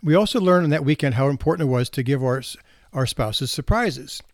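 A man in his sixties, a doctor, casually tells anecdotes about marriage and kids, now and then chuckling, laughing and restarting. He speaks briskly with a mid-range voice and lively intonation. The recording is studio quality with no room sound.

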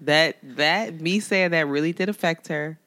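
A woman, hoarse and gravelly from being sick, co-hosting a casual chat with blunt, profane teasing. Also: low-pitched, moderate pace, a bit bright, no room sound. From Philadelphia. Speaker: podcast co-host. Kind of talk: casual chat between friends.

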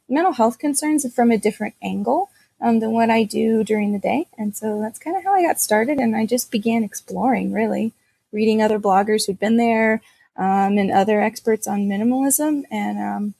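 A woman therapist speaking as an interview guest, halting, with frequent pauses. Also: on the high side, vocal fry, mellow, slightly rough, no room sound. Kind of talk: casual interview conversation.

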